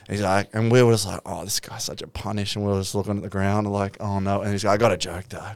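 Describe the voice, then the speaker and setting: A man's voice: on the low side, fairly even intonation, quick pace, hardly any pauses, clear, resonant tone, dry recording. A man in a casual podcast chat, telling a gig story and acting out quotes. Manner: chatty, asks questions, acts out quotes.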